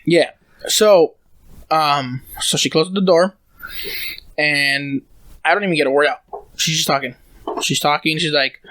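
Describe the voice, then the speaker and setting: A man's voice: fairly high pitch, a little slow, long pauses, pushed and bright, no room sound. A young man telling a long, rambling family story in casual podcast chat, swearing often. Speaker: podcast co-host.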